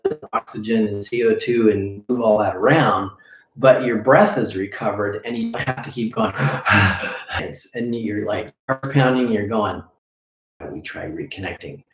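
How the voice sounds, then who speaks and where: A man with a somewhat low voice leads a live breathing lesson, explaining drills and demonstrating them as he goes. He keeps checking in with his listeners with a quick "okay?". The sound carries the echo of a bare room. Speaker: breathing coach. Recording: echoey room.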